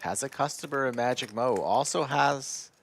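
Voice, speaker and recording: A man's voice: mid-range voice, moderate pace, creaky, fairly bright tone, a little hiss or hum. A man giving play-by-play on a live poker stream, teasing the players.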